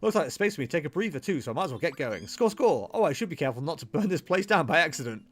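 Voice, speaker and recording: A man voicing a sleepy but perky young rabbit creature from a video game, in a bright and chirpy manner. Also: fairly high pitch, sing-song, racing.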